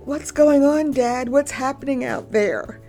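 Woman putting on a high, frightened young farm girl. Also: moderate pace, a little mellow, faint music behind, lightly acted. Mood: tearful. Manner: high, urgent calling out. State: near tears.

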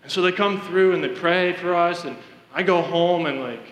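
A man with a high, bright voice delivers an earnest sermon, speaking straight to his congregation. His words ring out through a big, echoey church hall with a long reverb tail. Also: moderate pace. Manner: earnest storytelling, addresses congregation directly. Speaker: preacher giving testimony.

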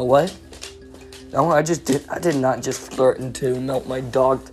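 A young woman rambling on her own podcast at home, stuttering and repeating words, self-mocking and bursting out loud between mumbles. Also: low-pitched, takes it slowly, soft background music. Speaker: podcast host. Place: home recording studio room with her dog.

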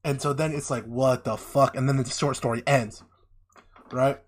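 A young man in casual chat, retelling a story with lively acted-out voices and lots of swearing. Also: mid-range voice, moderate pace. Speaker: podcast co-host. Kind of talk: casual chat, animated retelling of an anime plot.

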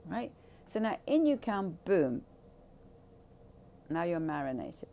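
Gravelly, lively, blunt-talking woman. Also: on the low side, slow pace, slight background noise. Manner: blunt, profane, emphatic. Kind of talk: candid casual talk.

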